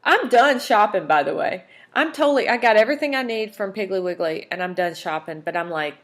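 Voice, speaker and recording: Woman podcast host with a mid-pitched voice, candid and emotional, rambling personal monologue. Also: animated, brisk. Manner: candid, emotional, chatty with fillers and asides.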